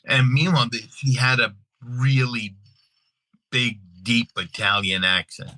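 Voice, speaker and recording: A middle-aged man from Long Island, telling family stories in a casual, animated way, often restarting his sentences. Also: medium pitch, measured pace, no echo, low-quality recording. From Long Island, New York. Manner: animated, restarts often, acts out quoted voices. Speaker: guest. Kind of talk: casual storytelling.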